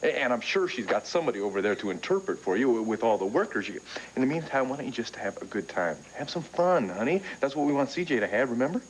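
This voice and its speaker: A man plays a supportive young husband on a 1980s TV soap, cheerful and reassuring. He talks fast with a lively, bouncing pitch. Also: slight background noise, lightly acted, rough recording.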